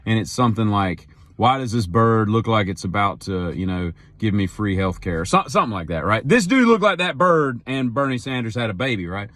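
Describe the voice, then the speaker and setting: A middle-aged man telling a rambling, wry story straight to camera, breaking into loud mock-outraged quotes. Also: fairly low pitch, big pitch swings, a little fast, few pauses, no room sound. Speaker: daily vlogger. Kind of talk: casual storytelling monologue.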